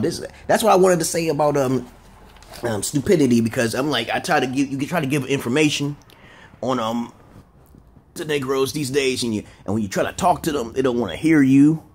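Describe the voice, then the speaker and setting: A man vlogging a rambling, profane monologue, tagging lines with "okay?" and jumping up in pitch for emphasis. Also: breathy edge. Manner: animated, jumps up in pitch for emphasis. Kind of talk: casual ranting monologue.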